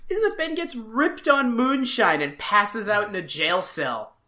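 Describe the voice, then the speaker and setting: A man's voice: high voice, lively intonation, measured pace, pushed and bright. A man co-hosting a casual podcast chat, rambling with many filler words. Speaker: podcast co-host.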